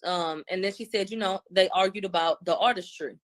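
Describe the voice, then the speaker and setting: Woman running through court testimony, chatty and animated, slangy delivery. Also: medium pitch, a little fast. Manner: animated retelling in loose slangy speech. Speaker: commentator recapping court testimony. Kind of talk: casual spoken recap.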